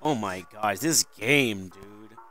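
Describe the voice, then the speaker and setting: A gaming YouTuber doing let's-play commentary, excitable and given to yelps and shouts as he reacts to the game. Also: on the low side, slow, soft background music.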